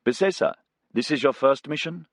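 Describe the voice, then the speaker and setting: A man voicing a friendly, good-humoured male Afghan co-pilot who jokes gently. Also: a little high, normal speed, no echo, clean studio sound, voice pushed up. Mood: amused. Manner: gentle, grinning, easygoing.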